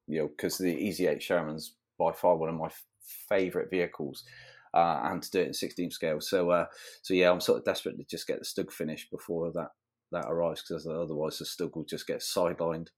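A man's voice: low-pitched, flat delivery, fairly quick. An English man chatting casually as a podcast guest, telling rambling stories. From England. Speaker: guest modeller.

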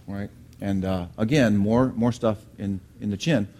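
A middle-aged man preaching a sermon, telling a lively childhood story and asking the congregation questions along the way. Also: on the low side, a little slow. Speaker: pastor.

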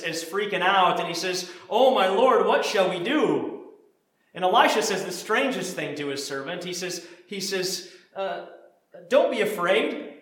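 High-voiced male pastor, very echoey. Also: sharp tone. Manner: earnest, repeats words when stressing a point. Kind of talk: sermon. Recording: very echoey room.

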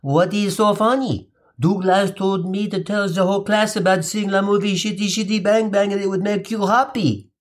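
A man voicing a confused young French schoolboy with a French accent, speaking slowly and earnestly. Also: high-pitched, fairly even intonation, pitched above the performer's own voice, close to an everyday voice. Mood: puzzled. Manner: slow, careful, earnest.

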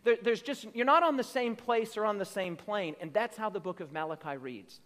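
A male pastor with a strikingly high voice delivers a sermon. He stacks up emphatic repeated phrases and draws out quoted lines slowly. The sound rings with a long hall reverb. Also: a bit bright. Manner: preaching with rising emphatic repetition; slow drawn-out quotations.

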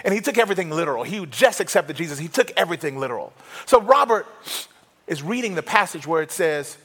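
A middle-aged male pastor preaching an animated, humorous sermon that builds to rousing exhortation. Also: high voice, quick pace, slightly rough. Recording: reverberant hall.

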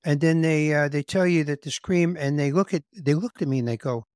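A man hosting a podcast, his voice sitting fairly high for a man. He tells wry, self-deprecating stories and slips into the voices of the people he describes. The sound is dry and close, with no room echo. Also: brisk, darkish tone. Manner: wry, self-deprecating, acts out what others said. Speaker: podcast host. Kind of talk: comedic conversational storytelling.

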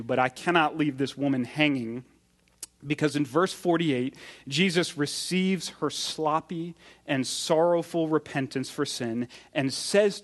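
A man preaching a sermon as pastor, telling the scripture story with animated delivery and acting out what the people in it say. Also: on the high side.

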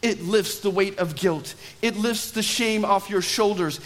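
High-voiced preacher in a reverberant church. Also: male voice, a little slow, hardly any pauses. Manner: emphatic preaching, dropping soft and low on key phrases. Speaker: pastor. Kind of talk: sermon. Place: church sanctuary.

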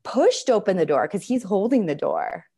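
A woman's voice: mid-range voice, sing-song, moderate pace, vocal fry, dark tone, husky. A woman in her thirties, a parenting coach and podcast guest, telling a candid story with laughs and fillers.

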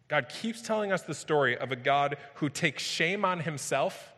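A man's voice: fairly high pitch, expressive, normal speed, pushed and bright. A man preaching a sermon as pastor, retelling scripture emphatically and vividly, often repeating his phrases. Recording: long hall reverb.

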